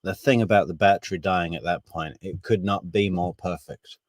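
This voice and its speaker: A man with a low voice talks through a case in casual commentary. He is measured, thinks out loud and drops wry asides. The sound is dry and close. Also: steady tone, no echo. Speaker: true crime commentator.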